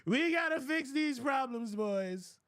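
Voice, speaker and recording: A man's voice: extremely high pitch, animated, slow, a bit bright, clean tone, dry recording, studio quality, pitched above the performer's own voice, heavily acted. A man doing a blustering president impression. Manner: blustering, repetitive. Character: brash male president on a conference call.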